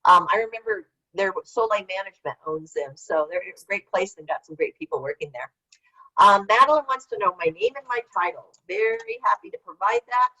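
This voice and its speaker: A woman's voice: mid-range voice, sing-song, fairly quick, bright, forceful tone. An older woman presenting an online workshop in a casual, rambling way, answering typed questions as she goes. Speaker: webinar presenter. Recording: slightly dull lo-fi call audio.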